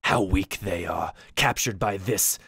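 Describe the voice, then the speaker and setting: A man voicing a stern male orc shaman in a tabletop game, speaking slowly and threateningly. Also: low voice, gravelly, a bit bright, breathy edge, no room sound, studio quality, voice pushed down, heavily acted. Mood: menacing. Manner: slow, measured and threatening.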